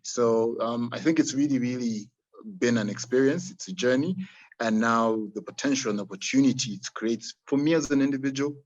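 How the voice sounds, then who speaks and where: A man from Uganda who makes chocolate with farmers, answering a panel question haltingly over a video call and repeating words. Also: medium pitch, highs cut off. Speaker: chocolate maker working with farmers.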